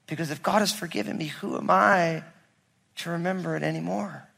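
A male pastor preaching a sermon to a congregation, telling a personal story and building to loud, emphatic preaching. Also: on the high side, a little fast, gravelly. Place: church sanctuary with congregation. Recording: long reverb of a large hall.

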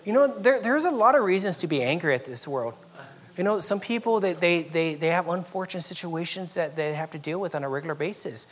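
Speaking a little high and a little fast, this animated Southern California pastor moves between booming emphatic lines and near-whispers during his sermon, chuckling now and then.

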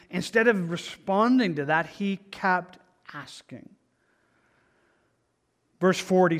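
A man's voice: sits high, fairly bright tone. A man preaching a sermon, earnest, often repeating words and restarting phrases. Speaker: pastor. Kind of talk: sermon on scripture.

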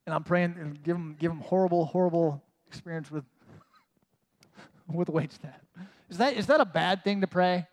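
A man's voice: sits high, moderate pace. A man preaching a conversational sermon as a pastor, casual and self-mocking, with many "like" asides. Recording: long reverb of a large hall.

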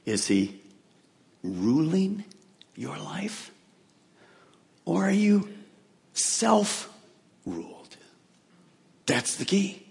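Male pastor, high and animated voice, emphatic sermon delivery. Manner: emphatic preaching, drops to a hushed low voice for questions. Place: church.

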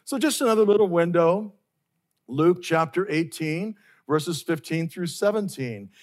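Slow, earnest preaching man. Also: fairly high pitch, expressive. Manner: earnest, repeats key phrases for emphasis. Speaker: pastor. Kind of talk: sermon.

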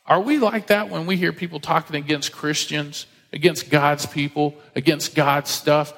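A male pastor in full sermon mode, his voice pitched a little higher than most men's. He reads scripture and slips into animated quoted voices, and a long reverb trails each phrase around a big hall. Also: moderate pace. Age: adult, married with children.

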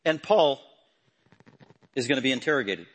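A man preaching a sermon, talking through a passage and building to loud, emphatic proclamations. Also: medium pitch, lively intonation, normal speed.

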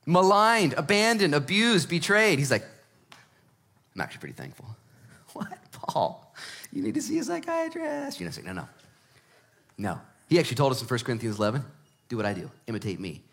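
This sermon comes from a man, a pastor aged somewhere in his thirties or forties, whose voice sits a little high. His delivery is conversational and full of jokes, sinking to quiet, pointed moments before swelling into loud bursts of excitement.

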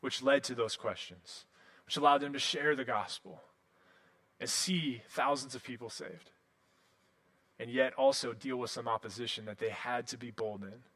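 A man in his thirties preaching a sermon in a casual, animated storytelling way, full of "like" and restarts. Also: medium pitch, moderate pace. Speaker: pastor.

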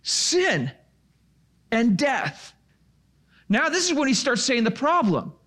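High-voiced man preaching a sermon. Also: wildly swooping pitch, takes it slowly, fairly bright tone. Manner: asks the listeners questions and answers them himself. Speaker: pastor.

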